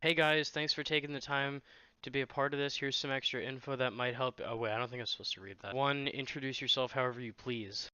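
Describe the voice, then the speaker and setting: Bright, crisp-voiced man presenting an award. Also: mid-range voice, fairly even intonation, fast, no room sound, lo-fi sound. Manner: rambling, self-mocking, mock-dramatic asides. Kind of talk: casual comedic presenting.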